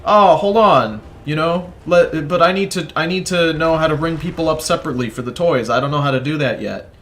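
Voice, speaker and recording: A man's voice: on the high side, a little fast, fairly bright tone, pitched above the performer's own voice, natural voice. A man voicing a timid, mousy young woman who is new at her cashier job and flustered. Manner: nervous, flustered.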